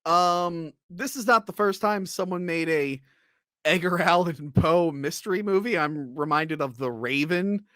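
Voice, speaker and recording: A man's voice: a little high, measured pace, fairly bright tone, no room sound, studio quality. A man hosting a casual movie review podcast. He rambles, with many fillers and restarts. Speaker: podcast host.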